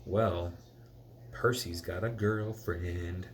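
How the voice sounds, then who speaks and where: A man's voice: low voice, steady tone, drawn-out words, a little hiss or hum. A man reading the lines of a giggly, teasing young girl from a storybook.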